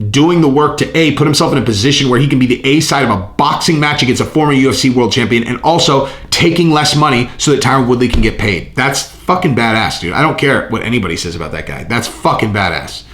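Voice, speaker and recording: A man hosting his own channel, riffing casually and profanely on fight news in a rambling, excitable way. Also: medium pitch, echoey room. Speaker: channel host. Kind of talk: casual fight commentary vlog.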